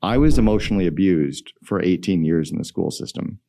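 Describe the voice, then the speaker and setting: A middle-aged man, a guest entrepreneur, telling stories in an energetic, emphatic way in a podcast interview. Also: deep voice, fairly quick, vocal fry.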